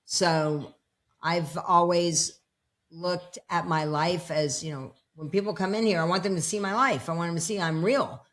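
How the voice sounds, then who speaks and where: A woman's voice: lowish voice, steady tone, a little slow. A woman in her fifties, a personal development coach, telling her story in a casual interview at home and acting out the dialogue. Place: home with dogs around.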